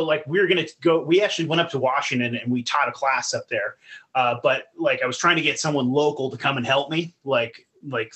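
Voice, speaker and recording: A man, a podcast guest, telling stories in casual chat, profane and animated. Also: medium pitch.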